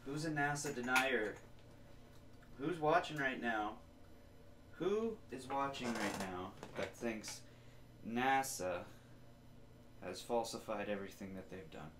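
A man's voice: mid-range voice, takes it slowly, long pauses, reverberant, noisy background. A man hosting his own casual solo podcast, joking loosely and swearing freely as he rambles. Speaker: podcast host. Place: home basement studio.

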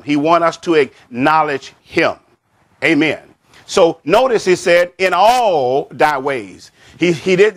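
Slow emphatic preaching man. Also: a little high, fairly bright tone. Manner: slow, emphatic preaching with repeated phrases and frequent "amen". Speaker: pastor. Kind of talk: sermon.

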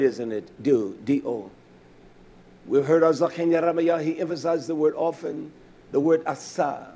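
A man with a high voice preaches a fervent sermon. He drives his points home by saying them again and again, with many "uh" pauses. He jumps between raised, emphatic declarations and low, muttered asides. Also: a little mellow, breathy edge. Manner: repetitive, with frequent "uh" fillers.

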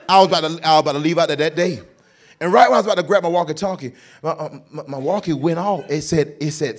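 A man's voice: high voice, fast. A man telling a true story as a stand-up comedian at a church, acting out each voice in his story. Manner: animated, acts out every voice in his story. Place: church stage before a live audience.

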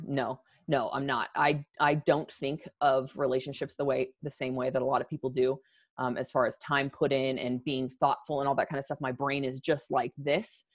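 Low-voiced, earnest woman on a podcast. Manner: earnest and emphatic, with frequent restarts. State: emotional, near tears. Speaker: podcast guest. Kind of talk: candid conversational interview.

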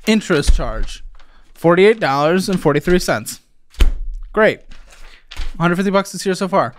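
A man interviews a guest about her debts, blunt and sarcastic, and grows more irritated as he goes. His pitch swings widely, from grumbled asides to loud, incredulous peaks. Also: expressive, measured pace, long pauses, a little hiss or hum. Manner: exasperated, sarcastic, swings from mutters to outbursts. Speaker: host. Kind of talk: blunt financial audit interview.

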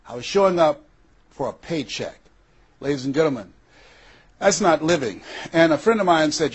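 A husky, fairly high-voiced older man from the US delivers a motivational talk. He builds his points with dramatic pauses and slips into the voices of the people in his stories. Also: animated. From USA. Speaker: motivational speaker. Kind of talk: motivational speech.

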